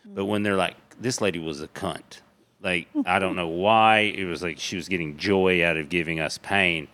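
A man from Tennessee, a comedian guest on a casual podcast, telling animated, profane stories. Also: deep voice, moderate pace. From Tennessee, USA.

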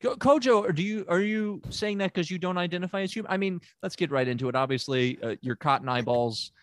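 Speaking fast in a high-pitched voice, a Tennessee man improvises a comedy sketch as a bumbling pretend therapist, hesitant, rambling, and heavy on fillers. The recording is dry.

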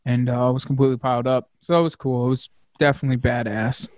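A man hosting a casual hunting podcast, talking excitedly with lots of fillers and the odd curse word. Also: mid-range voice, fast talker, no echo, clean studio sound. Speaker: podcast host.

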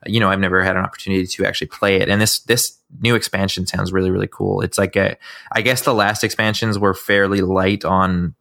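Low gravelly-voiced guy talking games on a podcast, dry mic. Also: level tone, a little fast, bright, forceful tone, no room sound. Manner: chatty, stumbling restarts. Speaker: podcast co-host. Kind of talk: casual gaming podcast chat.

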